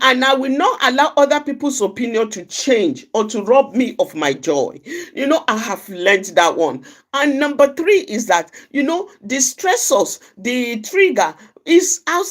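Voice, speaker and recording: Earnest woman with a lively, swooping voice. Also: on the high side. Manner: earnest, repeats phrases for emphasis. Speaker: outreach speaker. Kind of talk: personal reflective talk on anger.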